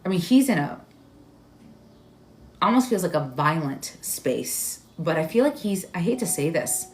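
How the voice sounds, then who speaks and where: A woman hosting a live stream as a psychic medium, giving readings in a halting, searching way full of "like"s and growing emotional. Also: on the low side, big pitch swings. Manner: halting, searching delivery with many "like"s; emotional, tearful at moments.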